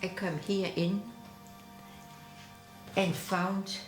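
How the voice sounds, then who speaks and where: Slow, halting older woman. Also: medium pitch, little pitch movement, over music. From Austria. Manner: halting, searching for English words. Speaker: eyewitness interviewee. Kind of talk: documentary interview recollection.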